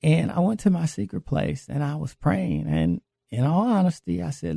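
A man's voice: on the high side, big pitch swings, normal speed, vocal fry, hardly any pauses, dark tone, no echo. A man earnestly telling a personal faith testimony about his recovery. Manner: earnest, confessional storytelling. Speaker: guest sharing a recovery testimony.

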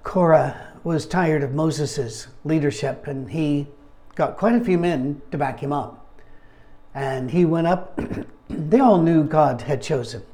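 A man leading a casual Bible study, talking conversationally with wry asides and frequent throat-clearing. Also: fairly high pitch, measured pace, dark tone.

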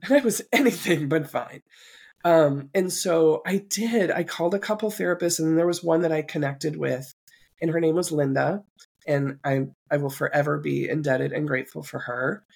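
Gravelly husky woman, podcast host telling her own story, earnest and reflective. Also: sits low, normal speed. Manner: earnest, reflective, occasional soft laughs. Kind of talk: personal storytelling interview.

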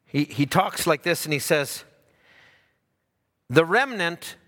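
A man preaching a sermon, dropping low for asides and rising loud for emphasis. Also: moderate pace. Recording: hall reverb.

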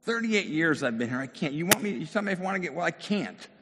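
A man's voice: fairly high pitch, animated, fast, long reverb tail, noisy background, pitched above the performer's own voice. A man voicing a weary crippled man who pleads that nobody will help him. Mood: exasperated. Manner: pleading, exasperated.

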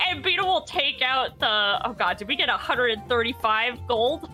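A woman playing a tabletop game who jokes and laughs in an excitable, incredulous way. Music plays clearly in the background. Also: a little high, moderate pace, hardly any pauses. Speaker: player.

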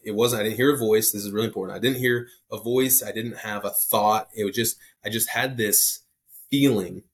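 A young man telling a personal faith story in a casual, rambling way, full of restarts and quick asides. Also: fairly low pitch. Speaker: podcast guest sharing testimony.

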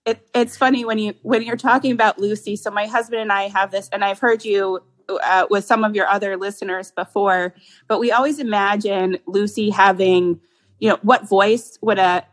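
A woman's voice: mid-range voice, poor audio. A young woman guest in a casual podcast interview, talking fondly and often restarting her phrases.

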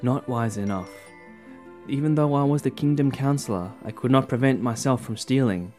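A man's voice: medium pitch, moderate pace, darkish tone, faint music behind, natural voice. A man doing pleading, foolish Piram. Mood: lamenting. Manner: pleading, lamenting. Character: restless foolish long-bearded young man Piram.

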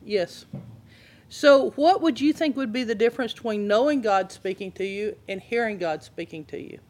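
A woman's voice: medium pitch, normal speed, darkish tone. A woman leads a casual Bible class in a conversational voice. She keeps turning to her listeners with questions as she teaches. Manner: conversational, asks the audience questions.

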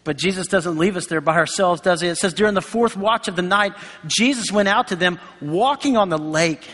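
A man's voice: high voice, fairly quick, a bit bright. A man preaching a sermon in a conversational way, acting out quoted voices along the way. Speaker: pastor. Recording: long hall reverb.

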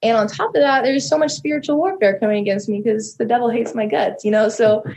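A woman's voice: on the high side, fast, creaky, a little mellow, dull audio. A young adult woman, a podcast guest, telling a personal story in an earnest, rambling way with lots of "like" and "so". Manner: earnest, rambling, heavy use of "like" and "so".

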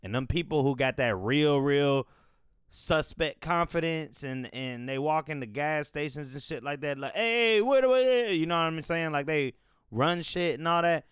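A man's voice: a little high, moderate pace, fairly bright tone, clean tone, dry recording, studio quality. A man hosting a podcast, talking in a loose, profane, rambling way as he thinks aloud. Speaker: podcast host. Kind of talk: casual rambling commentary.

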